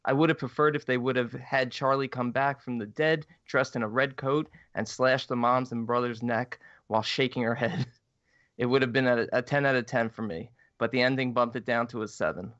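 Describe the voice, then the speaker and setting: A man's voice: medium pitch, fairly even intonation, a little fast, a bit bright, no room sound, lo-fi sound. A man co-hosting a horror podcast, blunt and grumbling in casual chat and reading listener mail aloud. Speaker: podcast co-host.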